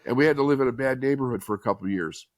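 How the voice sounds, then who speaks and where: A man's voice: mid-range voice, racing, dry recording, clean studio sound. Earnest middle-aged man telling his story. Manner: earnest, candid, conversational. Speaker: podcast guest, author and speaker. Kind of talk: personal storytelling in an interview.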